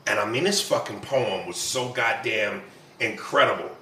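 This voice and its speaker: Bright-voiced slangy host in a roomy space. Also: male voice, fairly low pitch, normal speed. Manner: excitable, slangy, swearing. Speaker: podcast host. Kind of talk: casual podcast conversation. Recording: roomy, distant mic with faint background hum.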